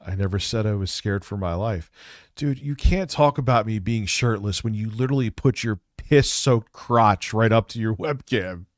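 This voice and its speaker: A man's voice: lowish voice, moderate pace, no echo. Guy streaming, sneering at a clip, dry close sound. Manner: mocking and combative. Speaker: livestream host. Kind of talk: reaction commentary on a livestream.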